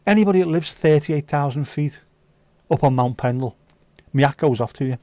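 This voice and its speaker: A man's voice: a little high, a little fast, warm tone, dry recording. A man hosting a livestream, reading viewer comments aloud with sweary, jokey banter. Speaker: livestream host. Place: indoors.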